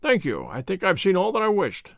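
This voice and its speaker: A man reading the part of a sharp, cool male detective with a curt, commanding manner. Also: sits high, huge pitch swings, brisk, creaky, no echo, studio quality, full character voice.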